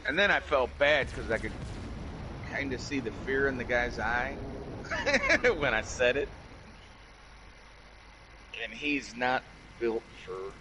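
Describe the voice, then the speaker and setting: A man's voice: mid-range voice, sing-song, takes it slowly, long pauses, noisy background. A man in casual chat, angrily recounting a story with lots of swearing and repeating himself as he quotes what he said. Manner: profane, heated, repeats "I said" while quoting himself.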